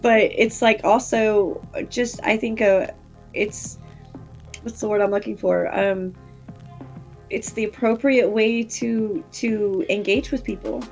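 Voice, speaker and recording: A woman streamer chatting as a guest, expressive and quick to laugh. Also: mid-range voice, soft background music. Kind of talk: casual interview chat.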